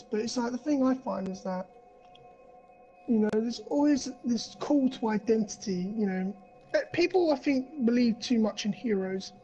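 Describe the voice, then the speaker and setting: A man's voice: very high voice, dark tone, dull audio. A man co-hosting a podcast, ranting in casual chat, swearing a lot and rambling with plenty of fillers. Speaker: podcast co-host.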